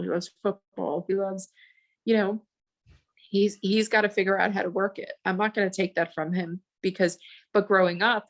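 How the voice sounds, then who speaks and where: A woman in her forties, a podcast guest, talking in a rambling, animated way with many restarts. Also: on the low side. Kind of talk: casual podcast chat.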